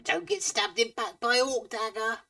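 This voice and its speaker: A man voicing a jittery, wary rat man in a squeaky voice at a tabletop game. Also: lively intonation, normal speed, vocal fry, bright, forceful tone, recorded from a distance, full character voice. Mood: warning.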